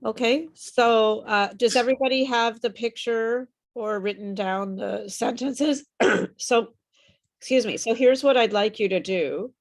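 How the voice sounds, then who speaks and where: A woman teaching an online English pronunciation class over a video call, slow and patient, her voice a little worn as she says she is losing it. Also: a little high. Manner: patient, repeats and models words slowly.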